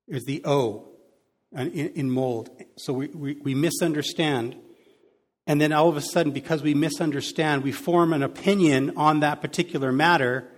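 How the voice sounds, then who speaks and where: A man preaching a sermon in a conversational way, adding lively sound effects to his examples. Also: on the high side. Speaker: pastor. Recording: long hall reverb.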